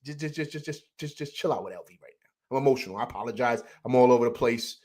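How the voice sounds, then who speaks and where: Upset after a loss, a man hosting a postgame sports show launches into a heated, rambling, emotional rant full of repeated words and restarts. His medium-pitched voice is a little mellow and races along.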